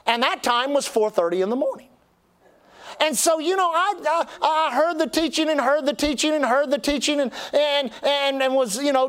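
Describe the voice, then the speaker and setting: A man's voice: very high voice, a bit bright. An older man, a pastor telling a folksy, humorous story in a sermon, with lots of restarts. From Texas.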